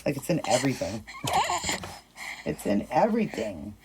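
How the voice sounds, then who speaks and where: A woman's voice: rumbling low, big pitch swings, normal speed, heavy background noise. A middle-aged woman vlogging casually, cooing in baby talk and chatting to viewers. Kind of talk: casual show-and-tell vlog.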